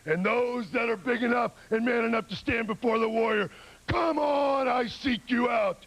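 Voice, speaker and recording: A man cutting an intense, grandiose wrestling promo in a booming voice. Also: normal speed, creaky, fairly bright tone, low-quality recording.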